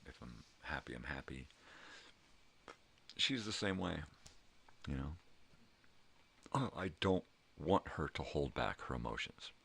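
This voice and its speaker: Very deep, gravelly-voiced older man. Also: expressive, a little slow, long pauses, a bit bright. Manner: profane, emphatic, rambling with many "you know"s; emotional, heartfelt. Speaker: vlogger. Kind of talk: casual monologue.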